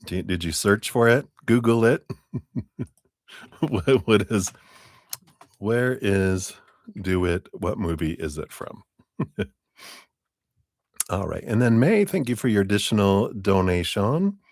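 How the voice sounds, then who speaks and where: A man giving a live-stream tarot reading, chatty and relaxed, laughing often and filling his talk with "you know". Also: lowish voice, takes it slowly, pauses often, no room sound, studio quality. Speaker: tarot reader.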